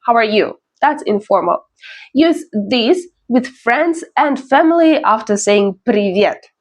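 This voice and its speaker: Woman teaching, slow and careful. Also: fairly high pitch, animated. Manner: slow, careful pronunciation drills; explains in English, models phrases slowly for repetition. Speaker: language teacher. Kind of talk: beginner language lesson.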